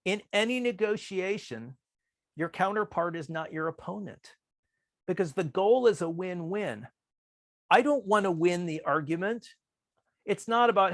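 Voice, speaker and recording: A man presents a workshop in a calm, measured voice that sits fairly high for a man. He slips into quoted lines with shifts in pitch. The recording is dry and close, with no room sound. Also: dry recording. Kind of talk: presentation on persuasive communication.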